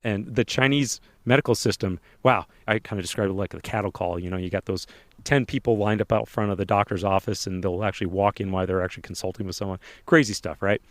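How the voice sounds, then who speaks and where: A man co-hosting a podcast, telling a lively personal anecdote in a casual way. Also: lowish voice, fast talker, dry recording. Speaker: podcast co-host telling a story. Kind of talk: casual storytelling.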